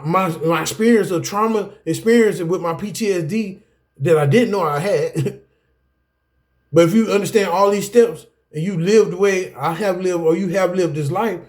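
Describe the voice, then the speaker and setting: Telling his own story to an anger management class, this middle-aged man preaches more than lectures, his fairly high voice rising and falling for emphasis. He stays animated and direct. Again and again he throws "guess what" and "y'all" at the room.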